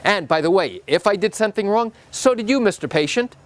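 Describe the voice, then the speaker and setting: An indignant doctor brushes off blame and shifts it back onto his accuser, as a man plays him. His protesting voice climbs high on each complaint. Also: expressive, brisk. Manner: protesting, rising pitch. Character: indignant defensive male doctor being sued.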